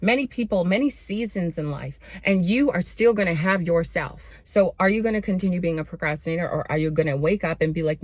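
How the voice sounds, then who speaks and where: A woman's voice: lowish voice, brisk, hardly any pauses, dry recording. Sassy, blunt woman giving a pep talk. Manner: sassy and blunt, calling the viewer honey and babe. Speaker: self-improvement vlogger. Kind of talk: motivational pep talk to camera.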